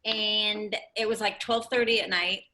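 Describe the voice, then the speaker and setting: A woman in her late twenties, a comedian telling an animated story full of "like"s on a podcast. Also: mid-range voice, measured pace. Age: late 20s. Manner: animated, laughing storyteller with many "like"s. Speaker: comedian guest.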